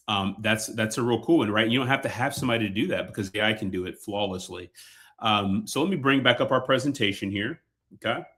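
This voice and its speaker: Chatty low-voiced male webinar presenter. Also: a bit bright. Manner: loose and chatty, many fillers and repeats. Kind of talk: casual sales webinar presentation.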